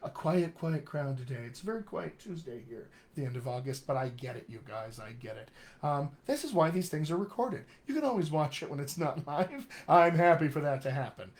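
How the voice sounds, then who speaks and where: A dialect coach, a man, talks through a live-streamed accent lesson in a loose, conversational way. He is emphatic and openly opinionated, and his voice sits a little higher than most men's. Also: very animated, brisk, a little mellow.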